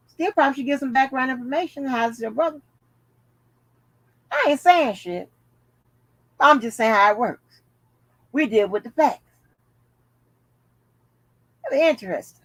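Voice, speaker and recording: A woman's voice: high-pitched, animated, normal speed, long pauses, no room sound. A woman hosting a casual commentary vlog, chatting bluntly and jokingly to her viewers with plenty of profanity. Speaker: channel host.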